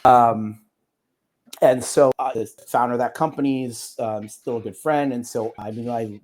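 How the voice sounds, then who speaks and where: A man's voice: mid-range voice, steady tone, normal speed, a little mellow. A man, an attorney guest on an interview podcast, talking casually in a rambling way with many fillers and restarts.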